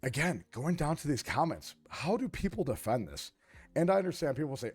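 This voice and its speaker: Male co-host, righteous lecturing rant, animated intonation. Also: fairly high pitch, a little fast, slightly rough. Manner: indignant, emphatic, lecturing. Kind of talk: heated reaction commentary.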